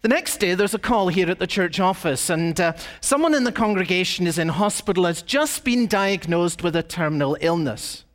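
A man preaching a sermon as pastor, telling a story and asking rhetorical questions, slowing down on emphatic phrases. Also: high-pitched, expressive, a bit bright, big-room sound. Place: church.

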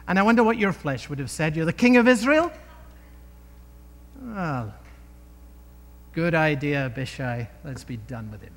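A man's voice: on the high side, big pitch swings, normal speed, long pauses, a bit bright, big-room sound. A man preaching a sermon in an emphatic way, often asking his listeners rhetorical questions.

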